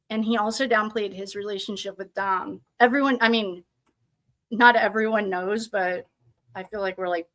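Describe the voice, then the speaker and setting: A woman's voice: medium pitch, fairly bright tone. A young woman hosting a tarot channel, chatting casually with her live viewers in a giggly, self-deprecating way. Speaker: tarot reader and channel host. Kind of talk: casual livestream chat.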